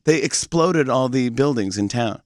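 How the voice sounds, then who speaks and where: A man who hosts a talk show, guesting in a radio studio and telling stories in a casual, animated way with lots of laughing restarts. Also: medium pitch, normal speed, crowd noise.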